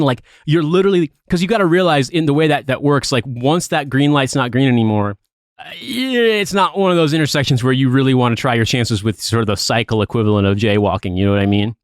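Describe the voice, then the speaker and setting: A man telling a profane, animated story as a podcast co-host in casual chat. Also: mid-range voice, quick pace, no room sound, studio quality.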